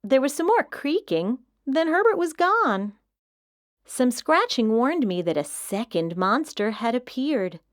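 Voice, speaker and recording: Female storybook reader, high and expressive, unhurried. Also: no echo, studio quality. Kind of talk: children's picture-book read-aloud.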